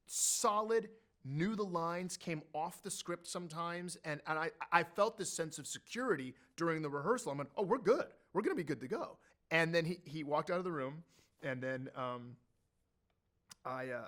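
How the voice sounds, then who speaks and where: A man telling an animated story as an interview guest, acting out what others said. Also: on the high side. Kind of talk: conversational anecdote telling.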